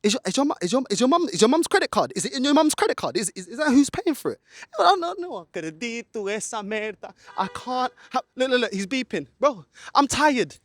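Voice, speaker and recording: This man speaks fast in a very high voice with big pitch swings, and there's no room sound. His angry rant is for a football fan vlog, shot outside in a car park by a friend on camera, and Portuguese slips in now and then.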